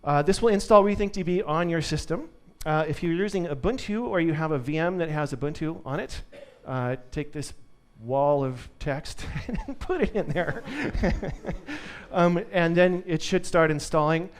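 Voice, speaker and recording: A man's voice: a little high, animated, moderate pace, few pauses. A man giving a live conference tech talk to an audience, upbeat and joking. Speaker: conference speaker.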